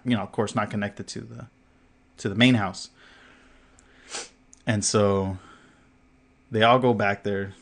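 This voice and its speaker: A man on a podcast spins a long anecdote in loose, casual chat. His voice sits a bit low, and he leans on fillers, swears freely and laughs often. He acts out the lines of the people in the story. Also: fairly bright tone. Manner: filler-heavy, acts out what others said. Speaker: podcast co-host.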